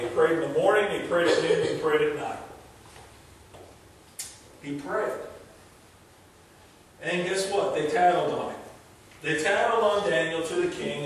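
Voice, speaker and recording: A man's voice: on the high side, a little slow, long pauses. A male pastor delivering a sermon, preaching emphatically with repeated refrains and casual asides. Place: large church sanctuary. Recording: very echoey hall from far off, faint noise.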